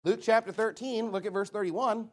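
Man, preacher, high voice, fiery sermon, emphatic, shouted scripture, rhetorical questions. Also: steady tone, moderate pace.

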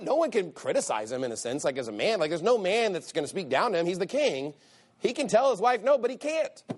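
A man preaching a sermon. He speaks emphatically, repeats phrases for stress, and reads scripture in King James wording. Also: a little high. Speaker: pastor.

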